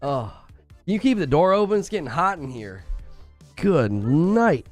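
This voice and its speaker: A gaming streamer jokes and teases his viewers in loose, casual live-stream talk. His voice sits a little high and swings widely in pitch. Soft music plays quietly underneath. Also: big pitch swings, unhurried. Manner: playful, teasing banter with chat.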